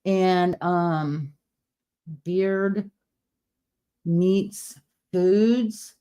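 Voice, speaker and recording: A woman's voice: fairly low pitch, very slow, dark tone. A woman hosting a casual late-night livestream, whispering at times and chatting with viewers, her speech a little impeded by new partial teeth. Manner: whispering, chatty, reading viewer comments aloud. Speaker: livestream host. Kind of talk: casual live-stream chat.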